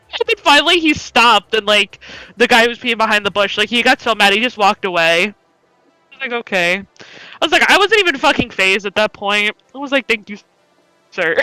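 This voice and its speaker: Young woman gabbing away, bright crisp voice, super dry close mic, swears a lot. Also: fairly high pitch, lively intonation, moderate pace, no echo, faint music behind, low-quality recording. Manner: chatty storytelling, laughing, swearing freely. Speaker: podcast co-host. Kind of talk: casual chat.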